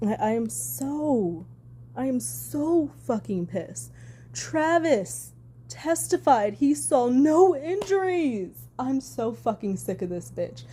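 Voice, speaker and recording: A woman's voice: high voice, sing-song, takes it slowly, warm tone, a little hiss or hum. A woman talking on her own channel in casual reaction commentary, heated and sarcastic, swearing hard for emphasis. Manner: sarcastic asides. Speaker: commentary vlogger.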